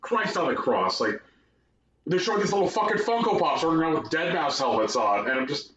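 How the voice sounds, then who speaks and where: A man co-hosting a podcast, talking casually and profanely, sarcastic and mocking, slipping into animated impressions. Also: on the high side, brisk, slightly rough, rough recording. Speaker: podcast co-host.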